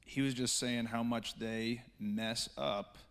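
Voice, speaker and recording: A man's voice: medium pitch, fairly even intonation, slow, clear, resonant tone. A man, speaking as a church speaker in a panel talk, earnest and rambling with many restarts.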